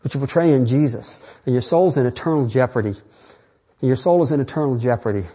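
A man's voice: medium pitch, fairly quick, dark tone, husky. A man who is a pastor, preaching an earnest, rambling sermon full of restarts and fillers.

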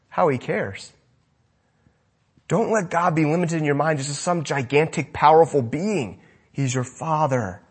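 A man preaching a sermon with passion, his voice rising loud and dropping to a hush. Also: mid-range voice, husky. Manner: impassioned preaching, swinging between loud and hushed. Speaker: pastor.

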